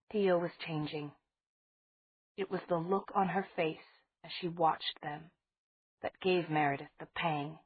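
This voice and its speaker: A woman reads an audiobook very slowly in a husky, slightly low voice. Her delivery is measured and even, and the sound is dry and thin, like a phone line. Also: no echo. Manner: measured, unhurried reading. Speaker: audiobook narrator. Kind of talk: scripted audiobook narration.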